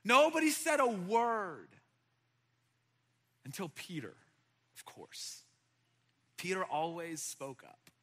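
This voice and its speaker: A man preaching a sermon to young adults, animated and conversational, with frequent fillers and restarts. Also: high voice, takes it slowly, pauses often, in a large hall. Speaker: pastor. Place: church hall.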